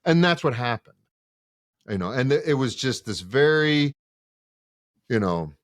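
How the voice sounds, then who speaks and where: A seminarian talking in a casual podcast chat, telling stories with lively acted-out dialogue. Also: male voice, mid-range voice, unhurried, dry recording, studio quality. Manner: animated storyteller who acts out quoted dialogue.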